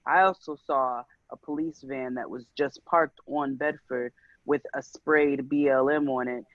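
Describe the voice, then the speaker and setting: A man's voice: mid-range voice, steady tone, a little slow, no room sound. Male podcast co-host, emphatic storyteller, lo-fi dry sound. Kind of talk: casual podcast conversation. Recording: dull lo-fi dry recording.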